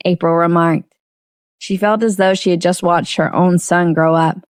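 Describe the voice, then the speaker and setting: A woman narrating an audiobook novel in steady storytelling. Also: fairly low pitch, normal speed, dry recording, studio quality. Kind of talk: scripted narration.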